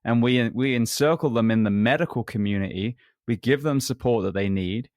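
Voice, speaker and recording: Dry close mic, middle-pitched guy, blunt and opinionated podcast host. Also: brisk, darkish tone, no echo. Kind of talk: conversational interview talk.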